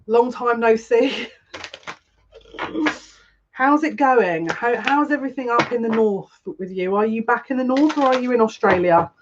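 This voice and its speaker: A woman's voice: mid-range voice, measured pace. A woman hosting a casual live psychic reading stream, chatty and rambling, greeting viewers by name. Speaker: psychic tarot reader. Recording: dull lo-fi stream audio with faint noise.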